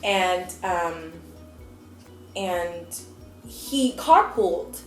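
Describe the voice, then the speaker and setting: A young adult woman vlogging, telling a personal story in a chatty, animated way and acting out what people said. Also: on the low side, extremely slow, faint music behind. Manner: chatty, animated, acts out quotes. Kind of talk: casual storytelling. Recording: echoey room.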